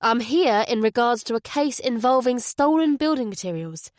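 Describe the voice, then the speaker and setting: A woman's voice: fairly high pitch, expressive, moderate pace, dry recording, studio quality, natural voice. A woman voicing a firm, insistent male detective inspector in an audiobook. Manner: firm, urgent, polite but insistent. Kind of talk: audiobook character voice.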